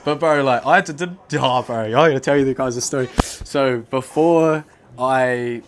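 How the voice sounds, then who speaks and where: A young man with a New Zealand accent, telling lively, slang-heavy, swear-filled stories as a podcast guest. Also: medium pitch, moderate pace, background noise. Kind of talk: casual storytelling chat.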